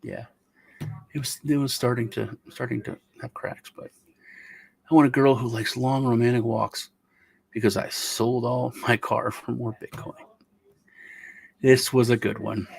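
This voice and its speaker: A man's voice: medium pitch, little pitch movement, measured pace, vocal fry, long pauses, slightly rough, dry recording. A middle-aged man hosting a casual meme review, rambling and joking as he tells stories. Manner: rambling, joking, self-interrupting. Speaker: host.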